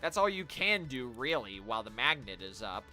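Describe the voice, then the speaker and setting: A man's voice: medium pitch, big pitch swings, normal speed, bright, forceful tone, faint music behind. A man streaming a video game, chatting casually to viewers as he plays. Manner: chatty, talking to viewers while playing. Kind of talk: casual live-stream commentary.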